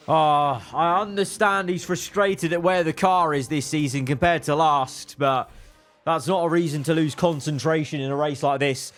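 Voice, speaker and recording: A man giving casual, excitable commentary while playing a racing management game, exclaiming at events and muttering through his plans. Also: fairly high pitch, normal speed. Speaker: gaming YouTuber.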